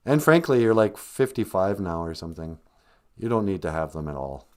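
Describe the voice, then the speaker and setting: A man's voice: deep voice, sing-song, moderate pace. A man hosting a comedy podcast, rambling sarcastically with mumbled asides. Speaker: podcast host.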